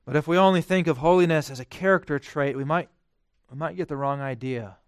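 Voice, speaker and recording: A male preacher delivering a sermon with a high, smooth, resonant voice. He drops to hushed, quiet phrases, then rises to loud, emphatic declarations. The sound is dry and close, with little room echo. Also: brisk.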